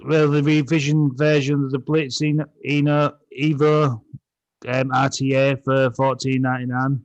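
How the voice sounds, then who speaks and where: A man's voice: mid-range voice, level tone, moderate pace, no echo, lo-fi sound. Man reading out deals, dry sound. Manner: list-reading, stumbles over product names. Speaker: podcast co-host.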